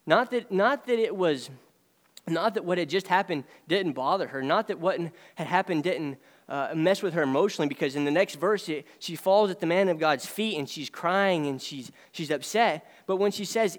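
A man preaching a sermon, earnest and emphatic, swinging between raised lines and quiet ones. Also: on the high side, normal speed, in a large hall. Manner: earnest, rising and dropping emphasis.

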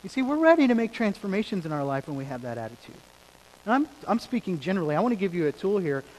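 A man preaching a sermon as pastor, building from quiet lines to emphatic ones and repeating key phrases. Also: high-pitched, sing-song, quick pace. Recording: hall reverb with faint rain hiss.

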